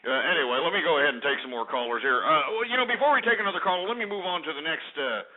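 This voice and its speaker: High-voiced mocking radio host. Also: male voice, animated, racing. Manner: loud, mocking, stammering repeats. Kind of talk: call-in radio banter. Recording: tinny phone-like radio audio.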